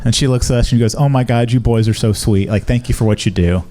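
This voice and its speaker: A male comedian telling first-responder stories in a stand-up routine, dry and deadpan, slipping into quick voices. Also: mid-range voice, background noise.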